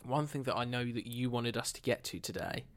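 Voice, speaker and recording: A woman's voice: a bass voice, brisk. A woman hosting a podcast, opening the episode and prompting her co-host with short, supportive reactions. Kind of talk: casual podcast chat.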